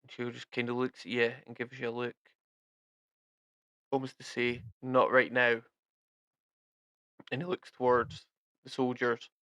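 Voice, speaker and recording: A man narrating a tabletop game as game master, in a relaxed, descriptive way. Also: medium pitch, moderate pace, pauses often, no echo, highs cut off.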